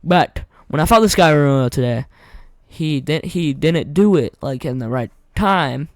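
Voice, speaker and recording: A young man giving casual, rambling gameplay commentary, his voice going hoarse, slangy and repeating himself. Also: fairly high pitch, lively intonation, unhurried, no echo. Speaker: gaming content creator.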